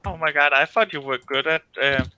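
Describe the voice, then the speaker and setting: A man's voice: a little high, a little fast, sharp tone, clear, resonant tone. A man joining a stream as a guest, joking and playfully protesting in casual chat.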